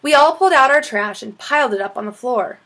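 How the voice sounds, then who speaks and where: A woman reading a children's chapter book aloud in an expressive storytelling manner. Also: high-pitched, quick pace. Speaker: storybook reader.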